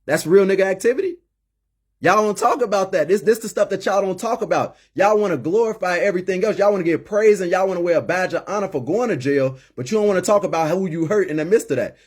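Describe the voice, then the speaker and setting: A man in his late thirties speaks with a husky, slightly raised voice. He talks in an emphatic, preachy way and stacks up repeated words as he builds each point, like a mentor pleading with his listeners. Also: sits high, fast talker. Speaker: former inmate turned community mentor. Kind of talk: impassioned personal monologue.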